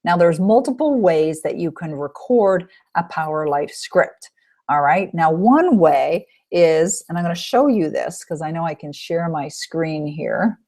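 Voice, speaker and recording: An upbeat woman coach teaches on an online call with a somewhat low voice. She stresses her points and keeps asking her listeners rhetorical questions. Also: lively intonation, unhurried, a little mellow. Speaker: self-help coach.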